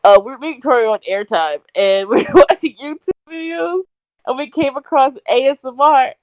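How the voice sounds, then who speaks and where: A woman's voice: sits high, expressive, moderate pace, no echo. A woman co-hosting a casual podcast over a video call, rambling with lots of fillers and laughing often. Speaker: podcast co-host.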